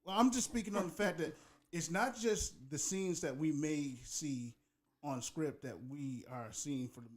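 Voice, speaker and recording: A man co-hosting a podcast in a loose, conversational way, his voice a little high for a man. He rants with passion, stacking phrases and circling back to repeat his points. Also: a little slow. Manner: impassioned, ranting, repeats "go ahead". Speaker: podcast co-host. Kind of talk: casual chat.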